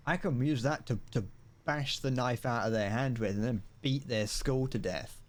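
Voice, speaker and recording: A man's voice: medium pitch, normal speed. A British man in his twenties, chatting and joking through a live gaming stream in a rambling, playful way. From Britain. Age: 20s. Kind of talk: casual gaming commentary. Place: home room.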